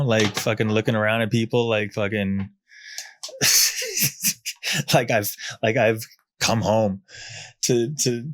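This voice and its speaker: A man's voice: lowish voice, a bit bright, no room sound. A young man, hosting a podcast and telling his own story in a casual, profane way, full of fillers and restarts. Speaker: podcast host. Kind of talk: candid personal storytelling.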